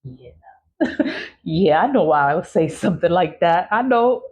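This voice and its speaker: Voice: mid-range voice, lively intonation, normal speed, a little mellow, highs cut off. A content creator in a casual vlog monologue, talking bluntly and emphatically, with frequent swearing.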